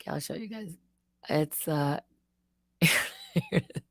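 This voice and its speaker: A woman live streaming, chatting casually in an excitable, rambling way, swearing and laughing often. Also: low voice, a little slow, no echo.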